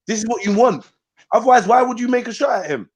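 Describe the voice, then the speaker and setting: A man's voice: very high-pitched, expressive, fast talker. A man hosting a casual livestream, teasing his guests and laughing often. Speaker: livestream host.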